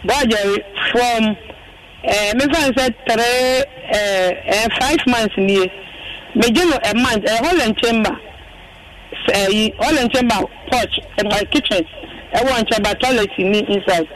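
A woman's voice: on the high side, unhurried, distant mic, a crowd in the background, low-quality recording. A woman calling in to a radio show, telling her problem as a landlady in a long rambling account. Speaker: caller, landlady. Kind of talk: call-in radio complaint.

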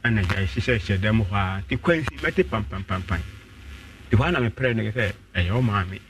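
A man calling in to a radio show, telling his own story and acting out what others said with sudden jumps in pitch. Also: lively intonation, moderate pace, recorded from a distance, slight background noise. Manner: acts out quoted voices with sharp pitch jumps.

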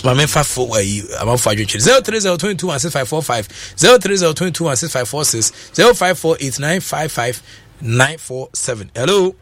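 A Ghanaian man hosting a call-in radio talk show, switching quickly between languages, full of fillers. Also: a little high, dry recording. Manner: animated, rapid code-switching with many fillers.

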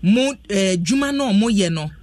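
A man's voice: high voice, expressive, normal speed, a little mellow. A Ghanaian man hosting a radio interview, asking probing questions. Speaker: radio host.

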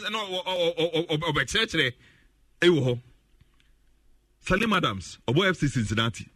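Ghanaian male football pundit; bright, sharp tone, husky edge, laughs and repeats lines for emphasis. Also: high voice, expressive, moderate pace, dry recording, studio quality. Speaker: football commentator. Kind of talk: animated sports talk in Twi and English.

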